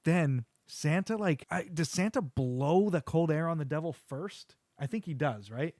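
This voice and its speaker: Slightly high-voiced and a little slow, this middle-aged podcast host eagerly recaps an episode in casual chat. He acts out quotes and laughs often as he tells it, in a dry, clean studio recording.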